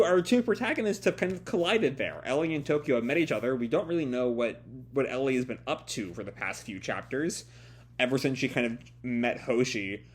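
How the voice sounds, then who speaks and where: A man reacting live to a comic chapter in a loose, hesitant way, often stopping to restart his sentences. His pitch sits in the middle range for a man. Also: breathy edge. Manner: hesitant, many fillers and restarts. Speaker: manga reviewer. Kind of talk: casual live reading commentary.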